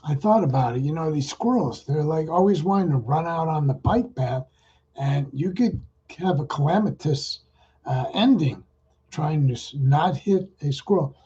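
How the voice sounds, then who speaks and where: A man's voice: fairly high pitch, lively intonation, normal speed, dark tone, slightly rough, muffled recording. A middle-aged man who chats casually and rambles with fillers, then leads a guided loving-kindness meditation for a group. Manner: rambling, chatty, with fillers and restarts.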